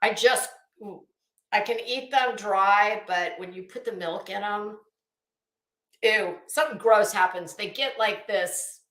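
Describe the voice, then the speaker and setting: A woman host telling a profane, animated story as a casual rant. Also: mid-range voice, measured pace. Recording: echoey room.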